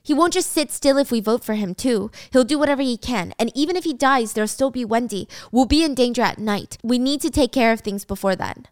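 A woman's voice: a little high, lively intonation, fairly quick, few pauses, no echo, clean studio sound, close to an everyday voice. A woman voicing a suspicious, hot-headed teenage boy who talks bluntly and urgently.

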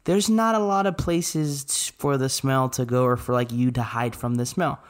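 A man in his thirties, co-hosting a podcast, telling a family story in a relaxed, matter-of-fact way with dry asides. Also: mid-range voice, normal speed, clear, resonant tone. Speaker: podcast co-host. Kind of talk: casual storytelling.

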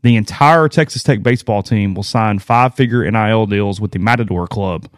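Male sports podcast co-host, fairly low voice, rambling and self-mocking, dry close-mic sound. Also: brisk, no echo. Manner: rambling, self-deprecating storyteller. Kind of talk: casual sports talk.

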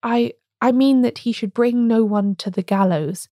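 A woman's voice: fairly high pitch, normal speed, dark tone, no room sound, studio quality, natural voice. A woman reading a storybook voicing an agitated, stammering male curate. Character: nervous excited male curate, feverish.

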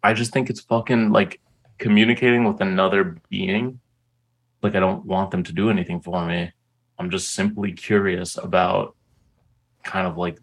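Deep, gravelly-voiced man telling a story. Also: low-quality recording. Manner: profane, animated storyteller with many "like"s. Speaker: interview guest. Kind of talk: casual storytelling.

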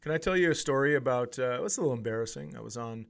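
A man's voice: medium pitch, animated, creaky, music in the background. A man co-hosting a comedy podcast, blunt and joking in casual chat. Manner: blunt, joking, quick to swear. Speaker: podcast co-host.

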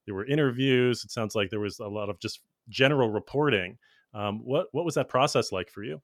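A man hosting a podcast, asking curious, measured questions. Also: medium pitch, no echo, studio quality. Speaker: podcast host. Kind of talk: podcast interview.

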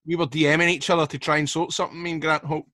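A man's voice: a little high, flat delivery, very fast, sharp tone, no room sound. Laid back scottish guy cracking jokes on a podcast, dead dry sound. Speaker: podcast co-host. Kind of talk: casual football chat.

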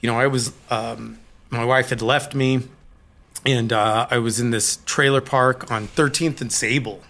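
A middle-aged man from Colorado recounts his past as a podcast guest. His voice is bright and forceful, his telling candid and halting, full of restarts as he works through the memories. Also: mid-range voice, steady tone. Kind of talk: personal recovery story in an interview.

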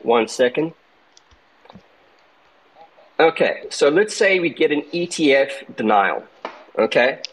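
A man's voice: fairly high pitch, lively intonation, takes it slowly, long pauses, poor audio. A man with a South African accent giving emphatic market commentary in an online audio chat, tagging his points with "okay?" and "right?". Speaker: crypto trader and guest speaker.

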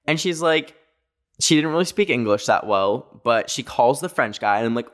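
Animated young man telling a story. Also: mid-range voice, moderate pace. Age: 20s. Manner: animated, many fillers, laughs while telling. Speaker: host. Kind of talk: casual storytelling.

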